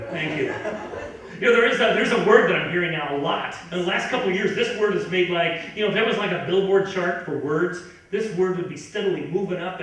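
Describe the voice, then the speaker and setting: A stand-up comedian with a high, bright voice rants on a comedy club stage during his set, growing incredulous and building up to shouting. The recording is echoey, captured from far away in the club.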